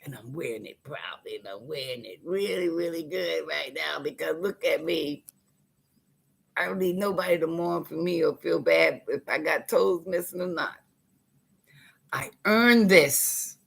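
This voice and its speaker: A woman speaks with fiery conviction in a gravelly, husky voice. She preaches straight to her viewers and calls them y'all. At times her voice sinks to a hushed whisper. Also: on the low side, expressive, a little slow. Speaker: tenant speaking out. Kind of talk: impassioned direct-to-camera appeal.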